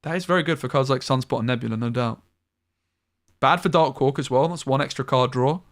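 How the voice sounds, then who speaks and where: A man casting a card game tournament live, calling plays briskly and thinking aloud between moves. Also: medium pitch. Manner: brisk analytical play-by-play with thinking-aloud asides. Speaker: tournament caster. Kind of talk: live esports play-by-play commentary.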